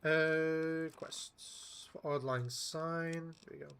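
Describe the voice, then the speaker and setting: A man's voice: a little high, steady tone, takes it slowly, a bit bright, a little hiss or hum. Rambling, swearing male game streamer. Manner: rambling and profane, with restarts and laughs. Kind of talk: casual gameplay commentary.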